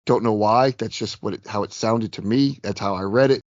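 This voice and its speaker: Chatty, low-voiced podcast host. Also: male voice, moderate pace, darkish tone, no room sound, muffled recording. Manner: chatty, self-deprecating, rambling. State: slightly hoarse from illness. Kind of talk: casual chat about tabletop gaming.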